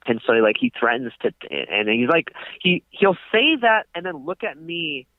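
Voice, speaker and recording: Young guy rambling a story on a phone call, lots of likes, kinda high voice, tinny and dry. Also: very animated, moderate pace, few pauses, dry recording. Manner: rambling storyteller, many fillers. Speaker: podcast co-host. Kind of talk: casual chat on a phone call.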